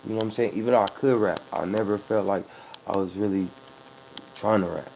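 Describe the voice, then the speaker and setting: A man's voice: on the low side, a little fast, gravelly, a little mellow. A man who raps, talking loosely and profanely in a casual interview, with frequent restarts. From San Francisco Bay Area. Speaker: rapper. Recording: muffled lo-fi recording with faint hum.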